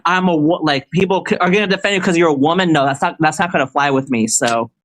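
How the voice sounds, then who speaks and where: Man, slightly high voice, casual livestream chat, rambling, stammering restarts, heated. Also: quick pace, a bit bright, poor audio. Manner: heated and confrontational when ranting. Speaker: livestream guest answering a question.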